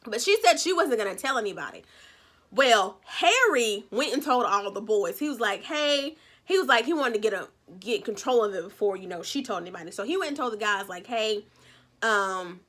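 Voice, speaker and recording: Bright high-voiced woman recapping a show. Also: normal speed. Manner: animated, blunt, salty with swearing. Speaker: reality show recap vlogger. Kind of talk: casual chatty recap.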